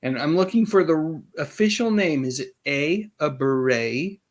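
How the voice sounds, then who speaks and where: A man hosting a live-stream trivia quiz, chatty and reading out the answer choices slowly. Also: on the high side, animated. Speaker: host.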